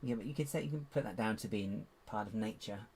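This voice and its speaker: Against slight background noise, a man with a fairly low, darkish voice talks quickly while building LEGO. He chats casually and mutters as he sorts bricks in a live build commentary, his voice cracking like he needs a drink.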